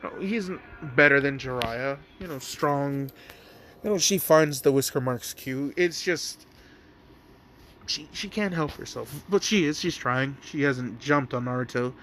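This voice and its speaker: A man's voice: medium pitch, unhurried, fairly bright tone, slight background noise. A man casually telling a fan-made story, rambling with lots of fillers and asides. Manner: rambling, filler-heavy, amused.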